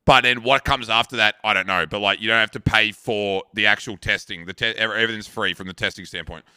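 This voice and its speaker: A man's voice: on the low side, fairly even intonation, fast, sharp tone, clean tone, no echo, clean studio sound. An Australian man in his thirties, chatting casually with stream viewers and rambling through crude stories, swearing freely. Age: 30s. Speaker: live streamer.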